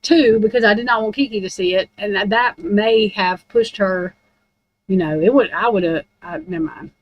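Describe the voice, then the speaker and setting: A woman's voice: medium pitch, expressive, normal speed, muffled recording, slight background noise. A woman in a casual, rambling rant about true crime, blunt and heavy on profanity.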